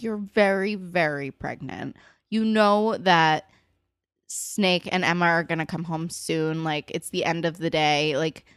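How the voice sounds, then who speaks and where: Woman with a lowish voice that jumps all over, chatty show recap, dry close sound. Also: dry recording. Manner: expressive, swings between bright emphasis and soft asides; frequent "like" fillers. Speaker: podcast co-host. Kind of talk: casual TV recap chat.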